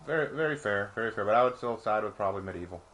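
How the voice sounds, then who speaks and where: A man's voice: lowish voice, animated, racing, fairly bright tone. Laid-back young man streaming a game. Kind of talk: casual gaming stream chat.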